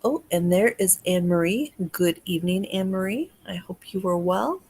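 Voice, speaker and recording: An American woman hosting a livestreamed energy-healing session, chatting casually, greeting viewers by name and giving gentle instructions. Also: on the low side, lively intonation, normal speed, slight background noise.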